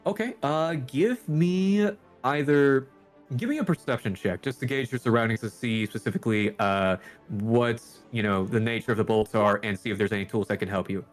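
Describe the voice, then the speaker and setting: A man's voice: fairly low pitch, lively intonation, brisk, faint music behind. A man narrating a tabletop role-playing game as game master and calling for dice rolls.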